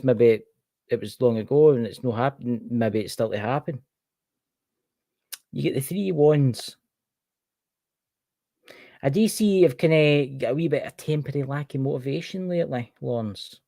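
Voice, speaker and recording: A man's voice: mid-range voice, mellow, no echo. A man with a Scottish accent giving a casual tarot card reading on a livestream, chatting to a viewer by name as he turns each card.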